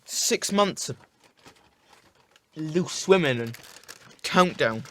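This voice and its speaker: A grumbling, old-fashioned working man, sour and sarcastic, as a young actor plays him. He talks slowly, with a fairly high, bright voice. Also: expressive, slight background noise, full character voice. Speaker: school play actor.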